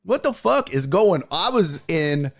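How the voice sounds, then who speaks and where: A man's voice: fairly high pitch, a little slow. A man hosting a sports talk show, telling a profane story in a casual comedic way and putting on other people's voices. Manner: animated, profane, voices people in his stories. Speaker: podcast host.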